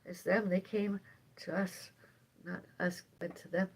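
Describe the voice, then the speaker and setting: A woman chatting on a live stream from home in a meandering way, sighing often and drifting between loud and soft. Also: on the low side, steady tone, a little slow, a little hiss or hum, low-quality recording. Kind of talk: rambling live stream chat. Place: at home, indoors.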